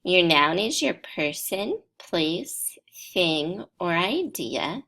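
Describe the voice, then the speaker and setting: Woman teacher, patient step-by-step grammar explainer; slightly low voice with some fry. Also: sing-song, fairly bright tone. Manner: slow, deliberate step-by-step explaining. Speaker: English teacher. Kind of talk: grammar lesson for learners.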